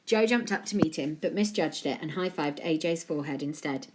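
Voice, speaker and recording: A woman reading a children's book aloud, in a lively, animated way. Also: sits low, fairly quick, noisy background. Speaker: storyteller.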